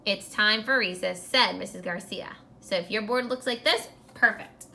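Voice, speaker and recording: Teaching grammar to young pupils in a recorded lesson, a woman sounds clear and encouraging, easing her pace while writing on the whiteboard. Her mid-range voice has a sharp tone, and there's slight hiss or hum on the recording.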